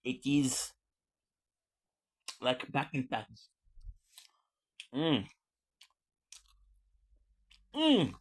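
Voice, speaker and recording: A man of ordinary pitch rambles casually on a live stream, cracking jokes and trailing off into fillers. He talks between bites and lets out pleased murmurs while he eats. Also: unhurried, long pauses. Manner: joking and rambling, with many fillers and food sounds.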